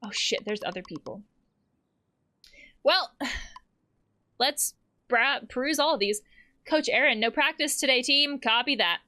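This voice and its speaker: Brisk and bright, a slightly high female voice with lively intonation and a pushed quality belongs to a therapist gaming and reading texts aloud. She keeps it casual, laughing and cursing between the lines.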